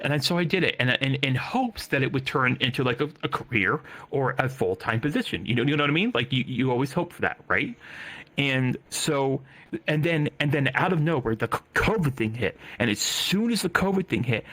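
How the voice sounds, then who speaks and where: A young man tells a personal story in a loose, casual way, stumbling over his words and dropping curses as he goes. His voice is bright and forceful, with a mid-range pitch. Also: expressive, a little fast. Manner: rambling, repeats himself, swears freely. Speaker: storyteller recounting job loss. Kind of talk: casual chat.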